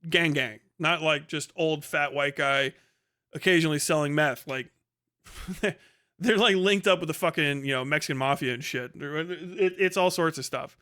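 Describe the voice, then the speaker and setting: Streamer guy rambling thru a story, swears a lot, fairly high clear voice. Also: moderate pace, sharp tone. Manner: rambling, profane, lots of fillers. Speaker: livestream host. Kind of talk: casual storytelling.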